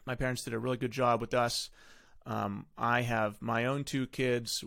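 A man's voice: medium pitch, vocal fry, fairly bright tone, no room sound, studio quality. A middle-aged man hosting a podcast, giving casual, rambling parenting advice full of self-corrections. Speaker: podcast host.

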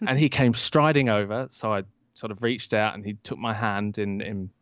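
Guy, lowish voice, telling a story on a podcast, does the voices of people he quotes, kinda muffled dry audio. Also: moderate pace, no echo. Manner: lively storyteller who acts out quoted lines. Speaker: podcast guest, author. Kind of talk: telling an anecdote in an interview. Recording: dull lo-fi dry sound.

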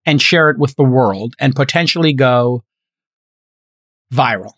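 A man's voice: medium pitch, measured pace, a bit bright, dry recording. A middle-aged man hosting a podcast, chatting casually and thinking aloud with plenty of fillers. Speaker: podcast host.

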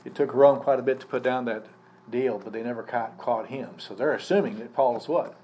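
A man's voice: medium pitch, brisk, mellow. A male pastor giving a live sermon, teaching conversationally and putting questions to the congregation. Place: church service. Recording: faint background noise from a live service.

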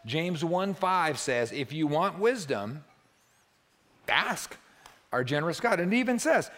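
A man preaching a sermon in a church, talking to the congregation in a relaxed, joking way and often checking in with them with "right?". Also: a little high, unhurried. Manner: conversational and humorous, often asks the listeners "right?". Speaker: pastor.

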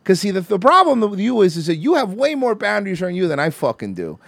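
Podcast host, man, crude and animated ranter, lively pitch, dry close mic. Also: fast talker, creaky, no echo. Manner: profane, ranting, animated storytelling. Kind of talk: casual chat.

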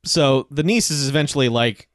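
A man's voice: medium pitch, no echo. Male co-host, giggly plot summaries, dry close mic. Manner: laughs often, quick summaries. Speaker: podcast co-host. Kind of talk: casual movie discussion.

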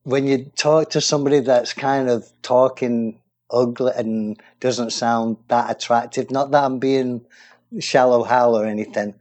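A man's voice: mid-range voice, steady tone, a little slow, a little mellow. A man from England co-hosting a casual music chat show, talking in a rambling, enthusiastic way. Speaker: radio show co-host.

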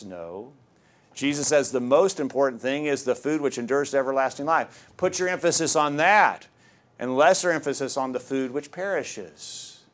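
Earnest man preaching a sermon. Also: medium pitch. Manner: earnest, emphatic preaching with scripture readings.

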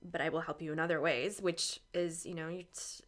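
A woman's voice: low voice, steady tone, moderate pace, a bit bright. A woman hosting a podcast interview, speaking in a heartfelt, candid way. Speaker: podcast host. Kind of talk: conversational interview.

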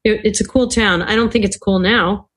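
A woman's voice: medium pitch, fairly even intonation, normal speed, fairly bright tone. An older woman, a podcast guest, telling stories in casual talk, acting out the voices she quotes and laughing often. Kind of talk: casual storytelling interview.

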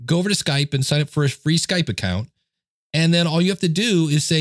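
A man's voice: on the high side, fast, no room sound. A man hosting a podcast, giving casual how-to advice on audio gear in a chatty, self-deprecating way, talking close into a studio microphone at his desk. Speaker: podcast host. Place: home desk setup. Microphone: dynamic studio mic, close.

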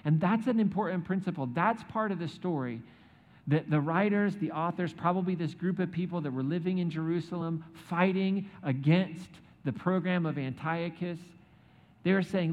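A man's voice: high-pitched, normal speed. A man preaching a sermon, retelling a scripture story with joking asides and acted-out quotes. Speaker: pastor. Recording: echoey hall, dull sound.

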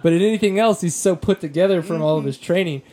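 A man's voice: sits high, fast, warm tone. An American man hosting a podcast in casual chat, rambling and joking with lots of filler words. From United States. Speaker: podcast host.

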